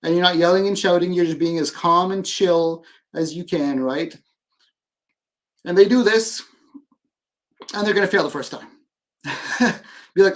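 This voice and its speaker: A man speaking as an educator guest in a casual video-call interview, animated and ending many sentences with "right?". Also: high-pitched, normal speed, long pauses.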